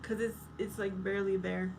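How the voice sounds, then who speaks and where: A woman's voice: mid-range voice, little pitch movement, moderate pace, background noise. A woman live streaming in casual chat, reading viewer comments aloud and answering them. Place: outdoors at night.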